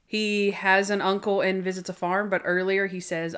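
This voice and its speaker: A woman's voice: medium pitch, little pitch movement, moderate pace, a bit bright, clear, resonant tone. Upbeat woman podcast host, teasing. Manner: teasing, upbeat, leading the segments. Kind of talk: casual chat.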